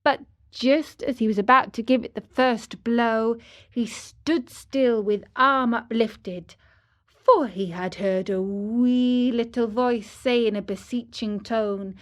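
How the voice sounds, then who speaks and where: A woman reading a fairy tale aloud clearly and deliberately for English learners. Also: fairly high pitch. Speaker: storyteller.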